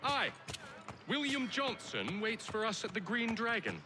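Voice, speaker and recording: An actor playing an earnest, deferential young officer in a video game, speaking formally. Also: male voice, high-pitched, very animated, a little slow. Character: earnest young male officer, eager to please.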